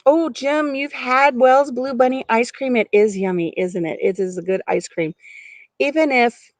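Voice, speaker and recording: A woman's voice: a little high, normal speed, no room sound. A middle-aged woman chatting casually on a live stream from outdoors on her farm porch, giggling and talking to viewers by name.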